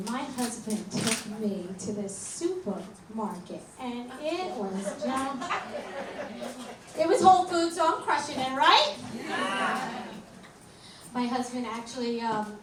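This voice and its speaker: A woman in her forties doing a stand-up set, delivering deadpan one-liners and laughing at her own jokes. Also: sits high. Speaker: stand-up comedian. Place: comedy club stage. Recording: echoey club from far off, loud crowd. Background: loud crowd laughter and room noise.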